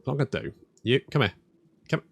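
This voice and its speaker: This strategy game let's player has a mid-range voice that is creaky and husky, animated and quick. His casual commentary is full of thinking aloud, restarted phrases, free swearing and dry jokes about himself.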